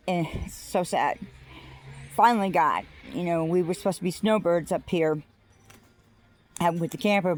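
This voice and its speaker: A woman with a fairly low voice rambles through a personal vlog, pausing often with fillers and restarting her sentences. She talks outdoors on her rural property while wind chimes ring behind her. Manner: rambling, halting, with many fillers. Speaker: vlogger.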